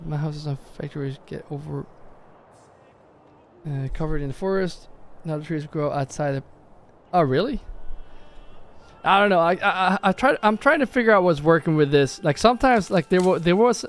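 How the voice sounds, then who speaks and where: A man casually commenting on his own gameplay on a live stream, thinking aloud and often correcting himself. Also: a little high. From Norway. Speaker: gaming streamer. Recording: faint background music.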